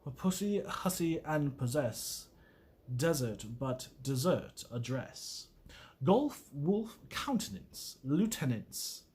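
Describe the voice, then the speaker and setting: A man casually reading a poem aloud, halting and self-mocking as he stumbles over words. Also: fairly high pitch, sing-song, darkish tone. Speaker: video host.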